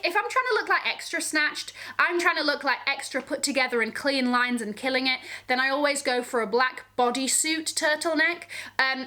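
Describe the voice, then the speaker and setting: A woman's voice: sits high, sharp tone. A woman vlogging about fashion, sassy and gushing, full of slang and frequent "okay?" check-ins. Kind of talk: casual to-camera fashion chat.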